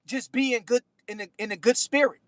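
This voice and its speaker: High, bright-voiced man giving slangy advice. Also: fairly even intonation, fairly quick, dry recording. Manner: slangy, preachy life advice, repeats phrases. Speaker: livestream host reading chat. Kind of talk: casual chat.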